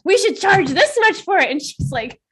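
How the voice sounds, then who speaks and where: High-voiced chatty woman, laughing often. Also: moderate pace. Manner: animated, acts out quoted dialogue; laughs often, swears casually. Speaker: podcast co-host. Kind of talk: casual chat.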